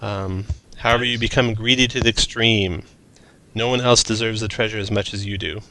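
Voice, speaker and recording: A man's voice: on the low side, steady tone, fairly quick, pushed and bright. A man narrating as game master of a tabletop role-playing game, mixing descriptive narration with casual asides.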